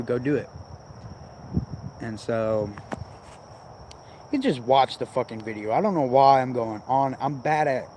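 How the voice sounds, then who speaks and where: A man talks straight into his own vlog, rambling and swearing freely with a grumbling, irritated edge. His voice sits at an ordinary middle pitch. Crickets and insects chirp faintly behind him outdoors. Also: darkish tone, slight background noise. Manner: profane, rambling, irritated ranting. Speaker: vlogger.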